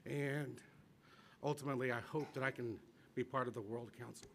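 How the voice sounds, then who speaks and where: Earnest man, halting campaign speech at a podium, slight hiss. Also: medium pitch, steady tone, vocal fry, a bit bright. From Missouri, USA. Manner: earnest, halting with repeated restarts. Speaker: campaign speaker. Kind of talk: short campaign speech at a convention. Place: large convention hall.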